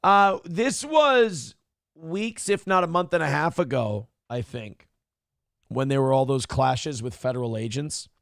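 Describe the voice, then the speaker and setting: Gravelly, crude male show host. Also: on the high side, unhurried, dry recording, studio quality. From Minnesota, USA. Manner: crude, irreverent, rambling. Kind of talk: casual commentary reading live chat.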